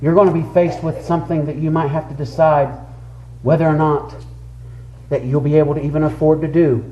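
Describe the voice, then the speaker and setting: Preacher, high chanted sermon. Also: male voice, fairly even intonation, brisk, warm tone, lo-fi sound, slight background noise. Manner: rises into chanted, sing-song preaching; fervent, addresses listeners by name. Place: church sanctuary. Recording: echoey church room.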